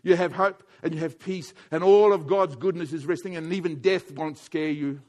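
A man preaching a sermon, swinging between quiet intimate passages and loud emphatic urging, often repeating his points. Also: on the high side, normal speed. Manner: wide swings from hushed to loud, emphatic repetition.

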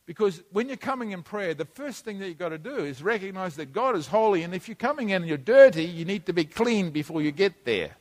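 A man with a high-pitched voice preaches to a congregation, speaking in a loose, conversational way. His voice rings out in a hall with a long, lingering reverb. He drops into quiet asides, then rises into emphatic bursts. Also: expressive, a little fast, hardly any pauses. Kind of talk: sermon. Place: church hall.

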